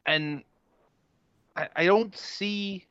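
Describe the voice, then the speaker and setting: A man's voice: sits high, drawn-out words, a bit bright, clear, resonant tone, no room sound. A man in casual sports chat, rambling with lots of restarts and fillers. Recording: dull lo-fi dry sound.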